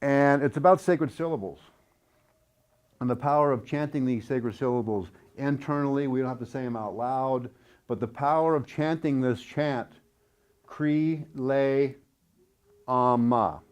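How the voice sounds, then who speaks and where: An earnest man walks through a hands-on build in a casual, unscripted way. His voice sits in an ordinary middle pitch, and he pauses often, trailing into fillers and restarting his sentences. Now and then he softly chants a few syllables. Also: highs cut off. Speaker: instructor demonstrating a build. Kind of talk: casual how-to explanation.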